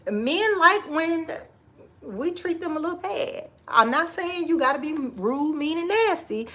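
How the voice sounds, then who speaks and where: A woman in her forties chatting casually on a livestream from her kitchen, sassy and expressive, laughing often and giving advice to viewers she calls girl and baby. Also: extremely high pitch, measured pace. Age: 40s. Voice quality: expressive, laughs often, Southern Black American vernacular turns. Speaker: livestream host. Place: home kitchen.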